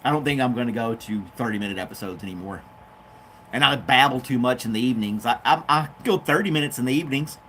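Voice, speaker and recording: On his own show, a man chats casually and without a plan, drifting between topics and addressing his dog. His mid-range voice has a fairly bright tone and a fast pace, with slight background noise behind it.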